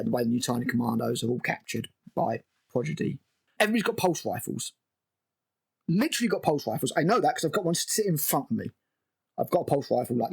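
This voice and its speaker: A man's voice: mid-range voice, gravelly, slightly rough. Exasperated man ranting a recap. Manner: exasperated, sarcastic, swears freely. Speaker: TV review host.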